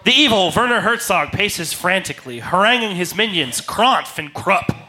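A man reading out the stage directions of a comedy sketch in an amused, lively way. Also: high voice, moderate pace, poor audio.

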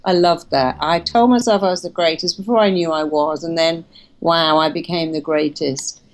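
A woman's voice: sits low, moderate pace, rough recording. A woman, a hypnotherapist, talking emphatically in a casual interview and telling stories. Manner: emphatic, animated storytelling with acted quotes. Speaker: hypnotherapist and therapist trainer.

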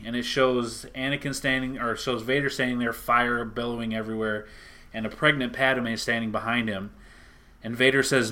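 Bright-voiced man retelling a comic story. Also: medium pitch, moderate pace. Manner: animated storyteller, acts out lines.

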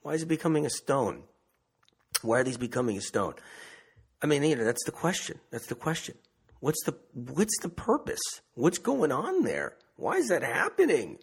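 With a slightly high voice that swings widely in pitch, a man who calls himself a medium talks casually at a normal pace, his tone breathy and edged with vocal fry. He circles back over the same points and keeps asking rhetorical questions.

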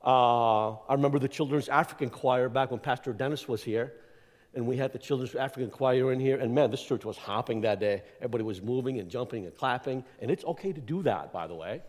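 Man, church guest speaker, energetic, filler-heavy, long hall echo. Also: medium pitch, fairly quick. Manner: energetic, emphatic, rambling with fillers. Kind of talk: informal church address. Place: church sanctuary. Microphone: clip-on mic that keeps slipping.

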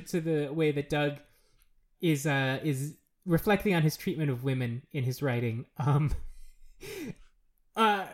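A podcast co-host chatting casually about a show, rambling with many fillers and jumping up in pitch when amused. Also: slow. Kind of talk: casual chat reviewing a show.

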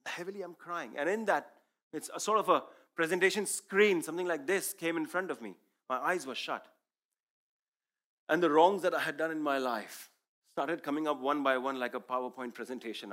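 A man's voice: on the high side, normal speed, a bit bright. A man whose first language is Urdu, giving an earnest, emphatic sermon testimony as a preacher.

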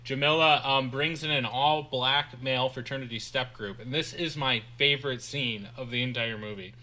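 At a normal speed and with a sharp, mid-range voice, this man co-hosts a podcast, chatting casually through a movie one scene at a time and doing funny voices when he quotes the dialogue.

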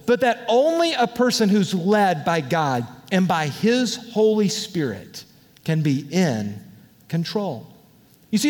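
A man with a notably high voice preaches to his congregation in a candid, conversational manner with lively asides. His words ring out into the long reverb of a large church hall. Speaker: pastor. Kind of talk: sermon. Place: church auditorium.

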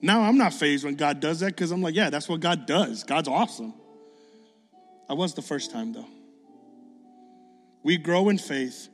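A man preaching a sermon, telling a story with lively acted-out dialogue and excited bursts. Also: on the high side, unhurried, long pauses, big-room sound, faint music behind. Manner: animated, acts out dialogue, builds to excited bursts.

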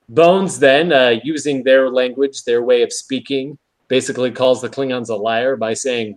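Lively man recapping an episode. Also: medium pitch, normal speed. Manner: animated retelling with quoted lines. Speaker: podcast co-host.

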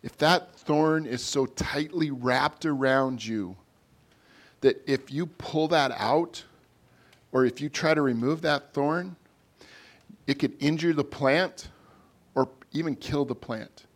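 A man's voice: a little high, takes it slowly. Man preaching a conversational sermon. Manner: conversational preaching with shifting loudness. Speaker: pastor.

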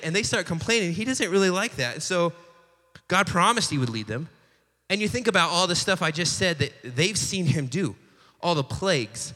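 A young man with a bright, slightly high voice gives a casual sermon. He acts out every quote in a lively, joking way. His words ring out with a long echo through a large hall. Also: fast talker. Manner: animated storyteller acting out quotes, joking asides. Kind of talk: casual sermon retelling a Bible story.

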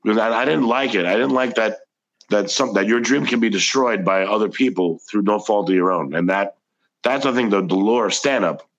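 A man's voice: fairly low pitch, a little fast, dull audio. A man, a comedian guest, telling casual anecdotes in a chatty, rambling way. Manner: chatty, anecdotal, frequent restarts. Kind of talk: casual storytelling.

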